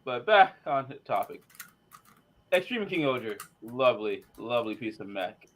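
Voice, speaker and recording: A man's voice: medium pitch, very animated, normal speed. A man co-hosting a casual fan review show, rambling with lots of fillers. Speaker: podcast co-host, animator.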